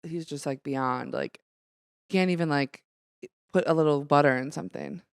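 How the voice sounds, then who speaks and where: A woman comedian guesting on a casual podcast, telling stories with lively, bouncy delivery and voiced asides. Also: deep voice, moderate pace, vocal fry, clean tone, dry recording, studio quality.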